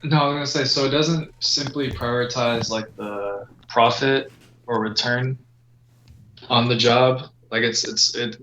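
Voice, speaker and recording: A man with a bright, forward voice talks through his idea on a team video call. He hesitates and fills gaps as he thinks aloud. The audio is dull and lo-fi, with a roomy echo around him. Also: mid-range voice, fairly even intonation, measured pace. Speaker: team member. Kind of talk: casual meeting discussion.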